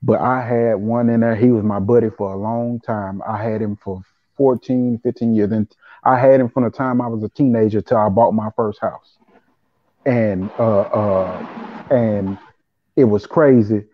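A man telling a profane, animated story as a guest on a call-in talk show. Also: on the low side, no room sound. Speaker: podcast guest. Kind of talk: casual storytelling. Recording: tinny phone line.

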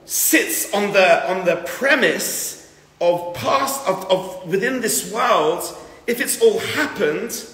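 A lively man gives a spirited lecture to a room of listeners. His voice is bright and high-pitched, and his pitch swings widely. He jumps between loud emphatic bursts and low, quiet asides, and a long echo rolls around the big hall. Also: takes it slowly. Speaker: rabbi teaching a class. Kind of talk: lively lecture to a live group. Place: large room with an audience. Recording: roomy hall with long reverb.

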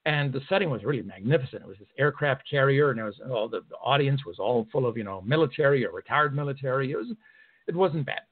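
Sarcastic and indignant, a male talk radio host rants through a political monologue from the studio, leaning on many fillers. His voice is mid-range and expressive with a quick pace, and the recording sounds narrow, like a phone.

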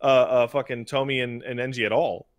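A man's voice: medium pitch, fairly even intonation, a little fast. A man co-hosting a casual gaming podcast, teasing his co-host with crude jokes.

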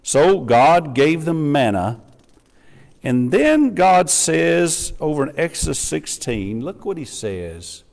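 A middle-aged man preaching a sermon in a church, lively and acting out the voices of the people he quotes. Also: fairly high pitch, takes it slowly, gravelly. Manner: animated, acts out quoted voices. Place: church sanctuary. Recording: reverberant church hall.

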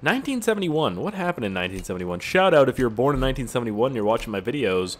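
A man's voice: mid-range voice, very animated, very fast. A man in his twenties doing gameplay commentary, rambling off-topic and joking crudely with plenty of swearing. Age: 20s. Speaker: gaming YouTuber.

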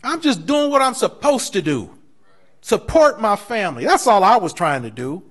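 A man, a pastor, teaching a Bible class in a lively preaching style, telling stories and acting out quoted voices. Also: high-pitched, normal speed. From United States. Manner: animated preaching with storytelling, laughing asides; acts out quoted voices in dialogue.

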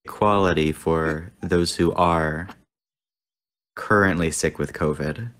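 A man's voice: low voice, fairly even intonation, slow pace, a bit bright. A man co-hosting a casual reaction chat, joking wryly.

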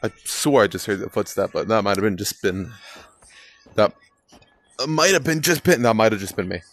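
A man's voice: on the low side, moderate pace. A young man giving casual, rambling gameplay commentary, swearing casually and poking fun at himself. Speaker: gaming video creator.

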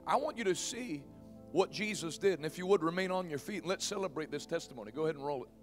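A man in his forties preaching a sermon as pastor, emphatic and bursting loud in praise. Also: a little high, expressive, fast, soft background music. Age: 40s.

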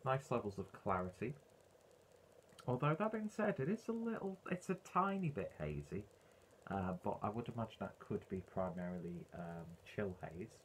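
A man's voice: fairly low pitch, lively intonation, normal speed, slight background noise. A man reviewing a beer in a casual, rambling way, full of ums and uhs.

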